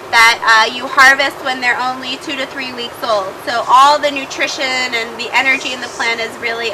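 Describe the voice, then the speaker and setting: Woman farmer, high and friendly, recorded outdoors, noisy and slightly off-mic. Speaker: organic farm grower. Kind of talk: casual explanatory tour.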